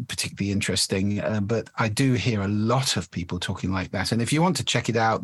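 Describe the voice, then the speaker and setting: A man who is an expert on the voice, explaining speaking habits in a measured, articulate way during an interview. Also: fairly low pitch, a bit bright, slightly rough, dry recording.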